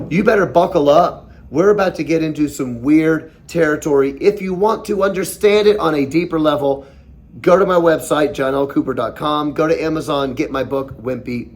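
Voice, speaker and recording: A man's voice: fairly high pitch, vocal fry. A man hosting his own podcast, delivering an impassioned commentary monologue full of rhetorical questions and mocking quotes. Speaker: podcast host.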